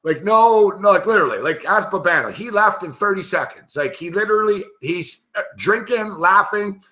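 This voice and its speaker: A man talks through live betting commentary in a loose, rambling way, swearing freely and breaking into laughs as he tells a story. His voice sits a little high and comes across bright and forceful. He jumps between the story and quick calls on the game. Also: expressive. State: tipsy, recounting a night of drinking. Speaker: sports betting show host.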